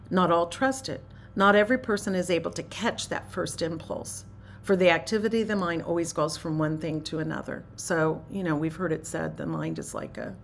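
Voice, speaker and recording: Female spiritual teacher, low and gravelly, unhurried meditative delivery that drops to a hush. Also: slight background noise. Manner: unhurried, musing, often trails into a hushed near-whisper.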